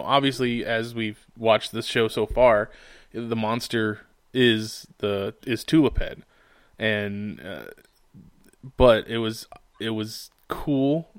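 Low-voiced man, halting casual chat. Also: no echo. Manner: halting, searching for words, many fillers.

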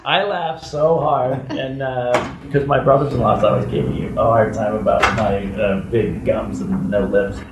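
A man guesting on an interview, telling stories casually and acting out other people's voices with big jumps in pitch. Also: steady tone, unhurried, hardly any pauses, far from the mic, muffled recording, heavy background noise. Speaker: guest actor. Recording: echoey room, off-mic with faint ambience.

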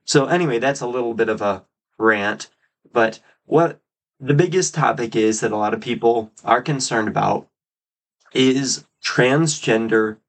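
A man hosting his own podcast, giving solo political commentary with emphatic, drawn-out stresses on key words. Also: medium pitch. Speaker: podcast host.

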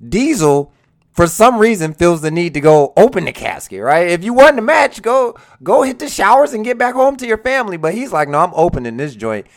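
An excitable wrestling fan counts down favorite moments in casual commentary. The voice has a gravelly, fry-laden edge. The speaker often breaks into laughter and acts out the scenes in quoted voices. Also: medium pitch, a little fast. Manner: laughs while telling.

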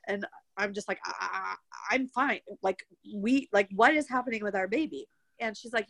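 A woman's voice: mid-range voice, normal speed, no room sound. A young woman telling a personal story in a casual, chatty way, acting out what people said along the way. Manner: chatty, animated retelling with many quoted asides. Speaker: guest telling her birth story.

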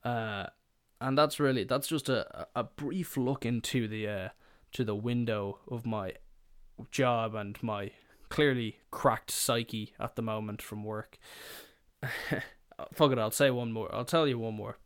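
A young man tells a shop story on his podcast in a loose, rambling way. He swears freely and pokes fun at himself, and his voice sits at a middling pitch. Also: measured pace, smooth, dry recording, studio quality. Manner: rambling, profane, self-mocking. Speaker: podcast host. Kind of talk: casual storytelling.

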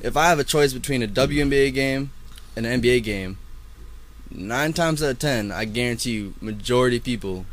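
A man co-hosting a casual podcast chat, reasoning his point aloud in a relaxed way, with some swearing. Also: medium pitch, a little fast. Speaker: podcast co-host.

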